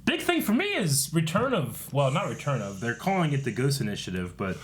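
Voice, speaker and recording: A man talks through a TV episode in an easy, animated way, his pitch leaping around as he jokes and acts out lines. He laughs often. A faint hiss of background noise sits under the voice. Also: a little fast. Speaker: show host. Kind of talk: casual reaction chat.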